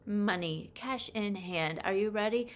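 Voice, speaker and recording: A woman realtor talks straight to camera in a casual vlog, her pitch sitting in a middle range. She is chatty and emphatic, hammering points home by repeating them. She slips in self-deprecating asides as she goes. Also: unhurried. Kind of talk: casual talking-head vlog.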